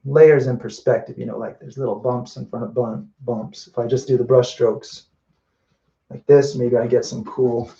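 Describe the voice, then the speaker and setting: A man's voice: mid-range voice, steady tone, moderate pace, vocal fry, mellow, highs cut off. A man chatting casually as he paints live, thinking aloud and correcting himself as he goes. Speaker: mural painter.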